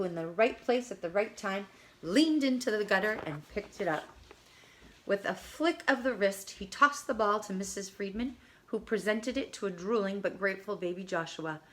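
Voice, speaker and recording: With a medium-pitched voice and an even, moderate pace, a female storybook reader performs a children's picture book in a lively, expressive storytelling style.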